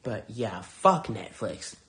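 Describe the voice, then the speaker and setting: A man's voice: on the low side, sing-song, slow pace, vocal fry, bright, forceful tone. A man hosting a podcast, reviewing shows in a heated, profane, sarcastic rant. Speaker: podcast host.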